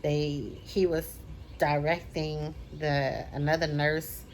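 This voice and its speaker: A woman vlogger telling a personal story in a casual way. She repeats phrases for effect and slows down to stress key words. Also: low-pitched, level tone, slight background noise.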